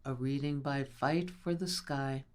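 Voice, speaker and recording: A woman radio host reading a scripted introduction to the next segment in a measured, earnest way. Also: rumbling low, steady tone, darkish tone.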